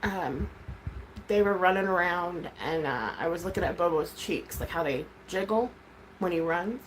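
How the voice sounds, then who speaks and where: Candid rambling mom on a livestream. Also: female voice, fairly low pitch, lively intonation, normal speed, slight background noise, rough recording. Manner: rambling, candid, swears freely. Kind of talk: casual livestream chat.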